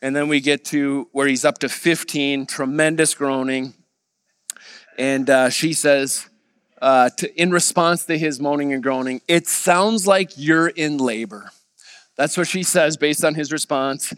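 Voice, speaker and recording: A man preaching a sermon, his smooth, clear voice sitting fairly high. He tells a story, livening up the quoted lines. The sound carries a long reverb tail, as from a large hall. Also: a little slow. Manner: storytelling, quoting others in a lively voice. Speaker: pastor. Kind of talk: sermon with anecdote.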